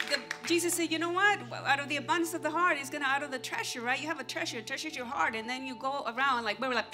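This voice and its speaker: A woman pastor giving an animated sermon, acting out everyday scenes and talking straight to the congregation. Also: high-pitched, fast talker, few pauses, music in the background, crowd noise. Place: church stage.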